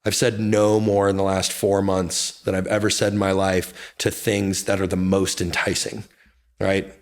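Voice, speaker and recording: A man speaking candidly as an interview guest, intense and confessional, with sudden excited bursts. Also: low voice, unhurried. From United States. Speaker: guest, real estate brokerage founder.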